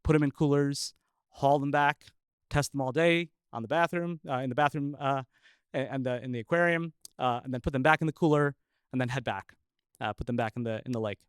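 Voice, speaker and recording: A man who is a scientist telling a personal story live, chuckling often and pausing with filler uhs. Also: mid-range voice, clean tone, dry recording.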